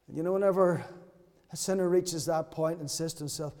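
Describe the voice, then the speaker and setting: Guy with a high voice preaching, says the key lines over and over, long echo like a big hall. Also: fairly even intonation, fairly quick, a little mellow. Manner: earnest, repeats key phrases for emphasis. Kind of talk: sermon.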